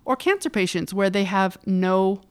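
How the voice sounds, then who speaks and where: A woman guest in a casual interview who runs a brow studio, bubbly and animated as she tells stories and laughs often. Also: mid-range voice, moderate pace, clean tone.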